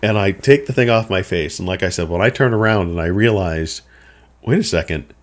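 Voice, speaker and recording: A middle-aged man hosting a show, telling a childhood story in a relaxed, rambling, self-deprecating way. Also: low-pitched, brisk. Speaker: podcast host. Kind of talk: personal storytelling.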